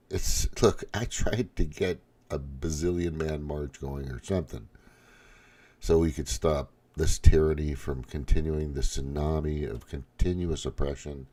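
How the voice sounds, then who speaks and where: A man's voice: extremely low pitch, warm tone. A middle-aged man hosting a casual political monologue, angry and profane, often restarting his sentences. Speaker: political commentary host.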